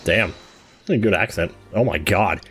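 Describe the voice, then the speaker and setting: A man's voice: low voice, normal speed, fairly bright tone, husky, faint music behind. A young man hosting a let's play, joking and reacting aloud while he reads the game's dialogue. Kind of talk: casual game commentary.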